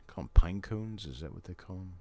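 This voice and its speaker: A man's voice: deep voice, expressive, fairly quick, mellow. An older man hosting a live stream from his home in casual chat, rambling and folksy with chatty asides. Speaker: host.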